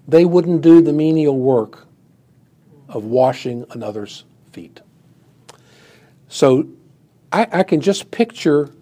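A man's voice: mid-range voice, mellow. A man preaching a sermon and teaching a Bible passage in a conversational way, with many "you know"s, who acts out the quoted lines with rising emphasis. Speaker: pastor.

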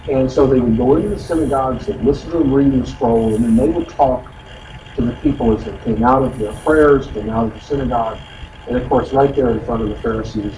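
A man teaching a conversational Bible study, explaining scripture in a folksy way with many asides. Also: mid-range voice. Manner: explanatory, folksy, frequent "you know" asides. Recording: echoey room from far off with noise.

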